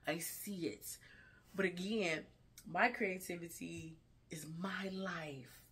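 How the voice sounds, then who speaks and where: A woman's voice: fairly low pitch, slow pace, fairly bright tone, breathy edge. A woman vlogger giving an earnest, emotional, candid life update to her viewers, indoors at night. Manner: earnest, emotional and frank, with repeated restarts. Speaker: fashion vlogger and designer.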